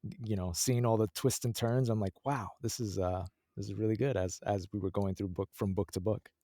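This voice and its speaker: A male audiobook narrator chatting casually in an interview, animated and laughing often as he acts out his own thoughts. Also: on the low side, fairly quick, dry recording, clean studio sound.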